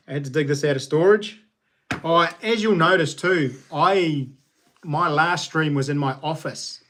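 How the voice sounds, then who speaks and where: A man's voice: fairly high pitch, fairly bright tone. A man in his thirties with a New Zealand accent, hosting a casual home livestream, upbeat and chatty with his viewers. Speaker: livestream host. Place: small lounge nook at home.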